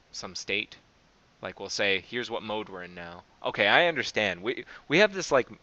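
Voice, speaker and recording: A man's voice: lowish voice, sharp tone, dull audio. A man hosting a coding show, thinking aloud as he reviews code, hesitant and often correcting himself. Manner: hesitant, self-correcting, many fillers.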